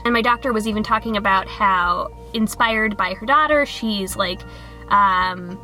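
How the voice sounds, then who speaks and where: A woman vlogging in a casual, chatty way, bubbly and rambling with quick restarts. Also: medium pitch, sharp tone, faint music behind.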